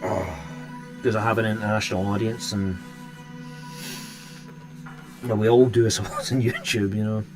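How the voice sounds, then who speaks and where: A man's voice: fairly low pitch, fairly even intonation, normal speed, pauses often, faint music behind. A Scottish man hosting a live stream and chatting casually with viewers, rambling and restarting his sentences often. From Scotland. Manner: rambling, hesitant, many restarts.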